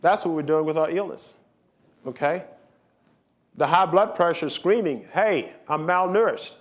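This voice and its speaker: A man's voice: fairly high pitch, normal speed. A man who is a physician, giving a health symposium lecture in an emphatic, repetitive, rhetorical way. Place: lecture hall with slides.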